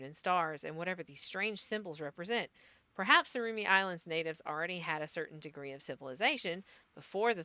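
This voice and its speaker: A woman voicing a forgetful, scholarly male adventurer, reading his lines in a measured, musing way. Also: low-pitched, sharp tone.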